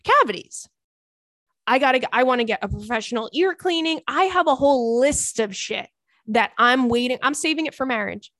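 Animated New woman podcast host. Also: sits high, no room sound, studio quality. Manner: animated, profane, quick asides with put-on voices. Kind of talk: casual comedic chat reading listener messages.

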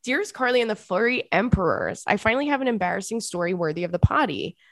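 A young woman hosting a podcast, talking casually and animatedly at a middle pitch. Her voice is close and dry, with no room around it. She slips easily between relaxed chat and bursts of excited emphasis. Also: no echo. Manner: animated, bursts into high laughter and squeals. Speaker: podcast host.

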